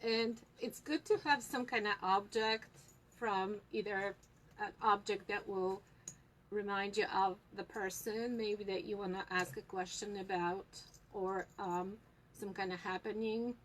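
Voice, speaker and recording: Slow, hesitant woman teaching a tutorial. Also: medium pitch, fairly even intonation, fairly bright tone, slight background noise, poor audio. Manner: unhurried, hesitant with many fillers. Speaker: tea reading instructor. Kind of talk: casual tutorial.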